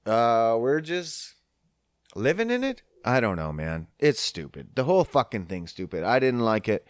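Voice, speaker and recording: A man's voice: mid-range voice, very animated, slow pace, pauses often, fairly bright tone, no echo, clean studio sound. A man hosting a solo podcast, ranting in a sarcastic, profane, exasperated way. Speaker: podcast host. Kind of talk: casual solo podcast rant.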